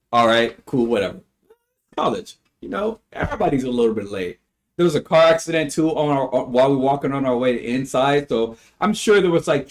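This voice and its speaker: A young man live streaming, telling a story to his chat in a casual, animated way, laughing and swearing freely. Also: medium pitch. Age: young adult.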